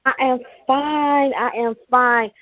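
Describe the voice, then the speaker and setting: A woman calling in to a talk show, chatting excitedly and gushing, repeating herself as she tells her story. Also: high voice, slow. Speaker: caller. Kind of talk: excited call-in chat. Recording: muffled phone line with faint hiss.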